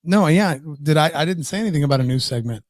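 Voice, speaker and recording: A woman's voice: low-pitched, lively intonation, fast, a little mellow, no echo. Playful woman podcast cohost, voice jumps all over, fake-outraged teasing, dry close mic. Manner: playful, mock-indignant. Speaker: podcast co-host. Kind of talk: casual chat.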